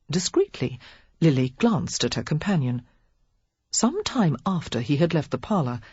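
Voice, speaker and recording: Husky, expressive woman narrator. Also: sits low, no echo, muffled recording. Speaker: audiobook narrator. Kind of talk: scripted narration.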